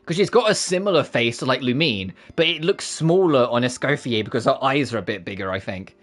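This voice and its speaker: A man's voice: mid-range voice, expressive, fairly bright tone. A man from the UK streaming a video game, commenting casually in a rambling, sweary way. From United Kingdom. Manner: rambling, sweary and quick to laugh.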